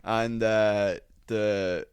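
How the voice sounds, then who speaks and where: A man, a comedian and podcast host, telling a rowdy gig story in casual chat, swearing often and acting out shouting hecklers. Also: lowish voice, steady tone, very slow, slight background noise. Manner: swears freely, acts out hecklers.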